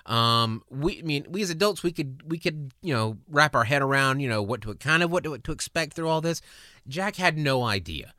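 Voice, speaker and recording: A man in his thirties, a podcast host, telling a personal story in an earnest, emotional, halting way. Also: fairly high pitch, animated, pushed and bright, no room sound, clean studio sound.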